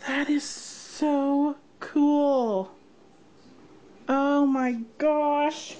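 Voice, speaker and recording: A woman's voice: high voice, level tone, extremely slow, dark tone. A woman vlogger unboxing a gift box, gushing and gasping with delight. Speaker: craft vlogger. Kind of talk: unboxing vlog.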